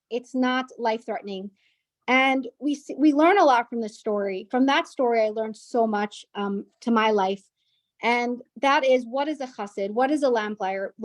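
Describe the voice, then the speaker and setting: A woman's voice: fairly high pitch, no echo. A woman speaking as a guest at a women's gathering, telling a personal family story in an earnest way, often restarting and repeating words. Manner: earnest, with frequent restarts and repetitions.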